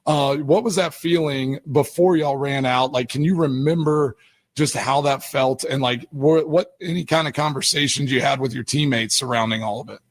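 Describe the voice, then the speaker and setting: A man's voice: medium pitch, normal speed. A man hosting sports talk radio, asking rambling, casual questions. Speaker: radio host.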